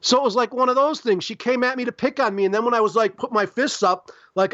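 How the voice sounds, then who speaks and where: A middle-aged man from Chicago telling rough, profane stories as a podcast guest, rambling with lots of "like" and "you know". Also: extremely high pitch, steady tone, quick pace, hardly any pauses, bright, forceful tone, no room sound, lo-fi sound. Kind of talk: casual interview storytelling.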